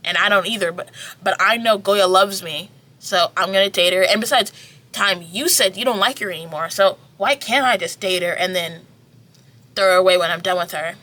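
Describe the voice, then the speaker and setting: A woman's voice: mid-range voice, moderate pace, bright, forceful tone, natural voice. A woman voicing a smug, scheming rich boy. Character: scheming rich male teen, smug and cruel.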